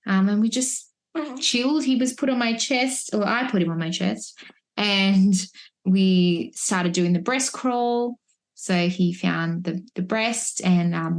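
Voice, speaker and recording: A woman talks casually as a podcast guest. She is reflective and chatty, often restarting her sentences. Her voice sits at an everyday middle pitch. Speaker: podcast guest, mother of three. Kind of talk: casual birth-story telling. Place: at home, holding a baby. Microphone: wearing headphones, remote podcast recording.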